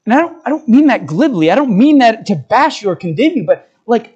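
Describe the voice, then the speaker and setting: High-voiced man preaching a sermon. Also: big pitch swings, fairly quick, hardly any pauses, darkish tone, slightly rough, muffled recording. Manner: earnest exhortation with stacked rhetorical questions.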